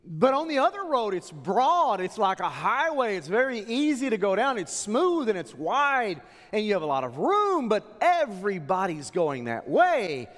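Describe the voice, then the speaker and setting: A man preaching a sermon as pastor, dramatic, swinging from loud declarations to hushed asides. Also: high-pitched, big pitch swings, normal speed, hardly any pauses, long reverb tail.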